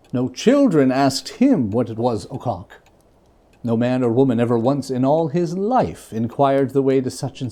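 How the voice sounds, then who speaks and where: Warm, expressive man reading a classic tale. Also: medium pitch. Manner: expressive, varied storytelling delivery. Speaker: reader. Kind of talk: dramatic reading of a classic novel.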